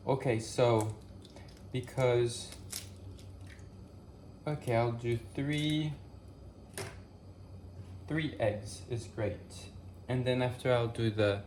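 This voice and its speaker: Filmed on a tripod-mounted camera in a home kitchen, this male vlogger chats loosely with his audience as he makes breakfast. His voice sits at a medium pitch with a somewhat dark tone, and there's a faint hiss or hum. He's talkative and meandering, packing in fillers, thinking out loud and correcting himself along the way.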